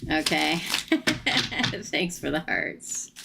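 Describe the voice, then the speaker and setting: A woman's voice: low voice, drawn-out words, gravelly, heavy background noise. Chatty woman tarot reader, laughing. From United States. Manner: animated, laughs often, chatty. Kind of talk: live-stream tarot reading.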